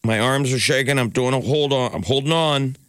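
A man co-hosting a morning show, chatting casually and telling animated stories. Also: brisk, dry recording, studio quality. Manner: animated storyteller, jumps up in pitch at punchlines. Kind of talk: casual radio banter and storytelling.

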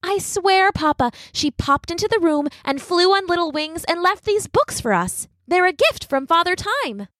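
A woman voicing an earnest, imaginative young girl who speaks in a high, insistent childlike voice. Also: big pitch swings, moderate pace, hardly any pauses, a bit bright, no room sound, clean studio sound, full character voice.

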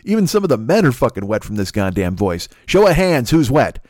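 A man's voice: medium pitch, very animated, brisk, darkish tone, no echo, studio quality. A man hosting a comedy podcast, delivering a boastful, crude, mock-seductive monologue about his own voice. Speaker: podcast host.

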